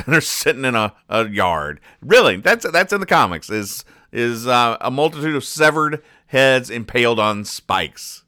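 A man's voice: mid-range voice, sharp tone, dry recording. A man hosting a comedy podcast, recapping newspaper comics in a dry, rambling way and correcting himself as he goes. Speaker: podcast host reading comics.

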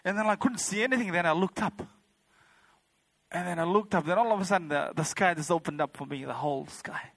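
Standing before a church congregation, a man gives a rambling, heartfelt personal testimony full of fillers like "you know" and "like." His voice is high, gravelly, and a bit bright, and he talks fast. There is no echo.

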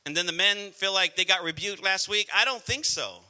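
A middle-aged male pastor preaching a sermon, swinging between soft prayer and loud exhortation. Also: sits high, moderate pace. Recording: music playing behind the voice.

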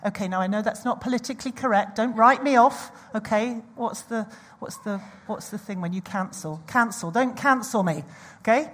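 Husky-voiced woman preaching. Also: medium pitch, a little fast. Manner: animated storytelling with audience asides. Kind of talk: sermon.

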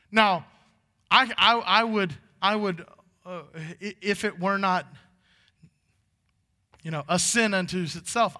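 A man's voice: high voice, bright, forceful tone, long reverb tail. A male pastor preaching a sermon in a church sanctuary. He talks in a folksy, conversational way that builds to fervent moments.

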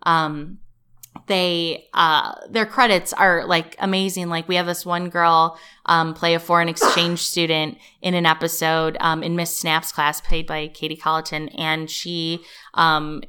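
Guest comedic actress, woman, Midwest-raised, loose and laughing, clear resonant tone. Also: deep voice, level tone, a little slow, pushed and bright. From American Midwest. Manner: chatty, heavy "like" fillers, laughs often. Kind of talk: casual interview chat.

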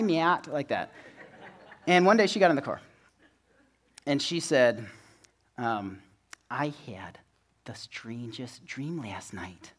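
A man preaching a sermon in a relaxed, conversational way, with self-deprecating humor. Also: medium pitch. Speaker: pastor.

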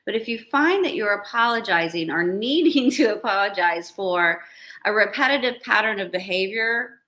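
A woman who counsels couples, giving earnest advice on a podcast in a slow, reflective way with light laughs. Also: mid-range voice, animated, pushed and bright. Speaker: podcast host and couples therapist.

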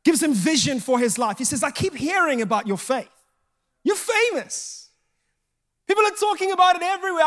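A man preaching a sermon, telling jokey stories and acting out the dialogue in them. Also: very high-pitched. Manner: animated storytelling, acting out quoted dialogue; jokey and self-mocking.

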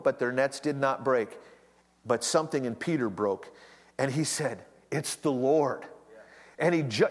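A man preaching a sermon, telling stories with animated delivery and acting out the voices of those he quotes. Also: a little high. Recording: long hall reverb.

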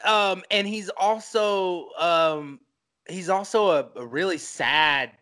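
A man's voice: high voice, takes it slowly, sharp tone. A man co-hosting a casual film podcast, rambling with lots of "like" and restarts, and swearing now and then. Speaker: podcast co-host.

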